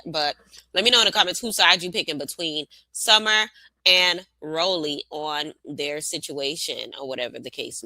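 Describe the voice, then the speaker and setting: Low-voiced woman dishing gossip. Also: sharp tone, no echo, low-quality recording. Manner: chatty, drawn-out asides. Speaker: reaction vlogger. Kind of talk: casual gossip commentary.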